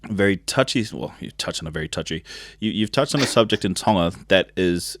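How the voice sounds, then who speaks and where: Deep-voiced laid-back male podcast host. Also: expressive, a little fast, dry recording, clean studio sound. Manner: laid-back, joking, drinking beer while talking. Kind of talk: casual podcast chat.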